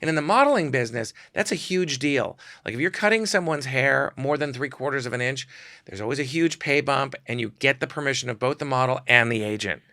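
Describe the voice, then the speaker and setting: A man, a photographer guest on a podcast, telling stories in a casual, animated way and acting out quotes in shifting voices. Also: medium pitch, brisk, dry recording. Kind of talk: casual storytelling.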